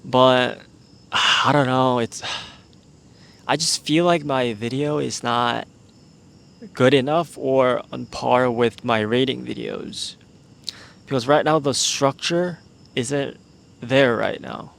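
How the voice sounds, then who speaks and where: Slow, gravelly young man musing outdoors. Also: medium pitch, fairly bright tone. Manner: rambling, unsure, thinking aloud. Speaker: podcast host. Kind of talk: casual solo podcast musing. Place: outdoors in the evening.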